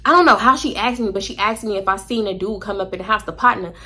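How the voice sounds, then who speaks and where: A young woman telling an animated, candid storytime vlog, slangy and profane. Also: medium pitch, quick pace, slightly rough. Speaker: vlogger.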